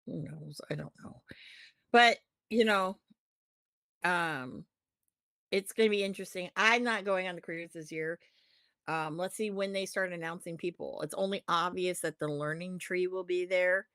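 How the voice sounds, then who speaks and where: A woman co-hosting a podcast, ranting about wrestling in a profane, animated way. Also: on the low side, moderate pace, clean tone, no echo, clean studio sound. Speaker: podcast co-host. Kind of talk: casual wrestling chat.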